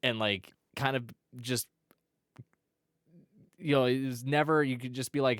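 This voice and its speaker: A man's voice: mid-range voice, steady tone, measured pace, pauses often, fairly bright tone, smooth, no echo, clean studio sound. A man co-hosting a casual anime podcast, rambling with many restarts and fillers. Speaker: podcast co-host. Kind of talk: casual chat.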